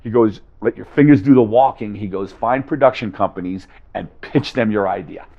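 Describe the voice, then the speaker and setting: A man telling a story to a live audience, acting out both sides of each conversation with lively energy. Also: lowish voice, moderate pace, highs cut off. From Las Vegas, USA. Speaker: guest speaker.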